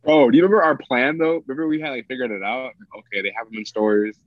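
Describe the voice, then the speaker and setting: A man's voice: mid-range voice, quick pace, no echo. Laid-back young man, dull dry sound. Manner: laid-back, slangy, teasing storytelling with lots of fillers. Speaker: podcast guest. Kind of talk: casual chat between friends.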